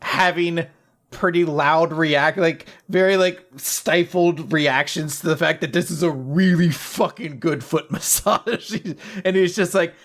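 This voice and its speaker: Animated man recapping comics, laughing. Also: fairly high pitch, unhurried. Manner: animated retelling, acting out characters' lines, laughing often. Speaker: podcast co-host. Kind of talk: casual comic chat.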